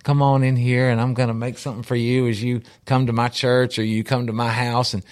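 A man's voice: mid-range voice, level tone, fairly quick, lightly acted. A man voicing a sweet older Southern church lady who welcomes guests in a doting, homey way.

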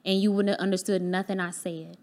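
A woman's voice: mid-range voice, little pitch movement, a little fast, a little mellow. Earnest woman telling her story. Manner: candid, acts out remembered dialogue. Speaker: podcast guest, business owner. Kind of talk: personal storytelling in a podcast interview.

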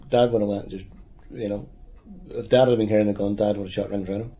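A man in his sixties with a Derry accent, recalling past events in a halting, plain-spoken way during an oral history interview. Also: fairly low pitch, fairly even intonation, warm tone. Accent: Northern Irish, Derry. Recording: dull lo-fi recording.

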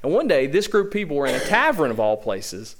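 A Southern American pastor preaching from the pulpit in his church sanctuary, firing rhetorical questions at the congregation. His voice sits a little high and swings widely in pitch as he presses each point. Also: sing-song, fast talker. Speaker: senior pastor. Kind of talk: sermon.

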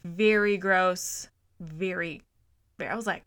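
A woman's voice: medium pitch, moderate pace, pushed and bright, no echo, clean studio sound. A woman co-hosting a casual movie podcast, speaking bluntly, swearing freely and laughing a lot. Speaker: podcast co-host.

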